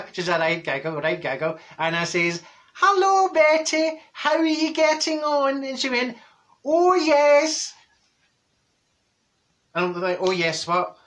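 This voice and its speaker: A man's voice: sits high, animated, slow pace, long pauses, fairly bright tone, exaggerated voice. A man playing a cheeky, blunt older woman from Glasgow with a Glaswegian accent, rambling through a gossipy comic monologue and laughing at his own jokes.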